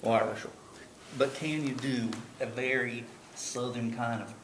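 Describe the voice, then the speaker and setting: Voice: mid-range voice, steady tone, unhurried, fairly bright tone. An interviewer asking teasing, jokey questions in a casual chat. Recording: echoey with faint background noise.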